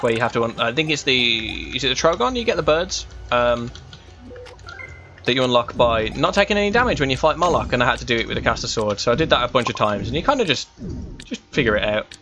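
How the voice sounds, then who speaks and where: A man's voice: mid-range voice, expressive, fast, pushed and bright, faint music behind. Rambling young man, West Midlands English. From England. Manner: rambling, chatty, full of fillers and restarts. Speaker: gaming streamer. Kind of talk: casual gameplay chat.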